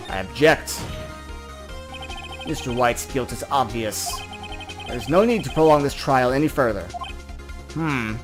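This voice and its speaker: A let's player reading a courtroom game's dialogue aloud and voicing every character in turn. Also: mid-range voice. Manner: voices every character in turn, with quick asides. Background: game music.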